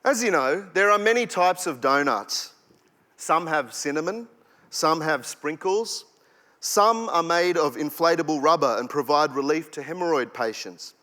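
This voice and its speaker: A young Australian man performing spoken-word poetry on stage, with a rhythmic, punchy delivery that swings between sudden drops and loud bursts. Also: on the high side, animated, measured pace. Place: performance hall. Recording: long hall reverb.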